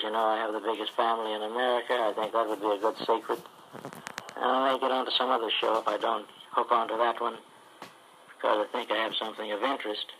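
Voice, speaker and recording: A man's voice: fairly low pitch, bright, forceful tone, a little hiss or hum, low-quality recording. An older man rambling in a folksy recorded letter. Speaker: ventriloquist.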